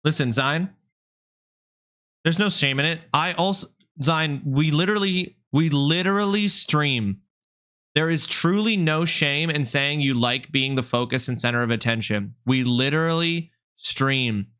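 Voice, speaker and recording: A man live-streaming, chatting with his viewers in a lively, mock-indignant way and swearing freely. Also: fairly high pitch, unhurried, smooth. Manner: animated, mock-indignant, swears freely, talks straight to chat.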